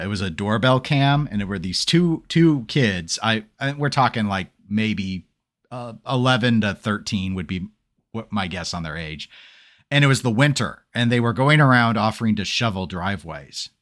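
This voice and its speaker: A man's voice: fairly low pitch, moderate pace. Chatty man telling stories. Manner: animated storyteller, acts out quotes. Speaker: podcast host. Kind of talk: casual chat.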